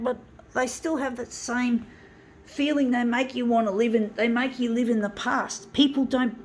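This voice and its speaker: A woman's voice: on the high side, a little hiss or hum. A woman ranting angrily to her viewers, swearing and repeatedly calling them "folks.". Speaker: vlogger. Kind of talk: ranting monologue to camera.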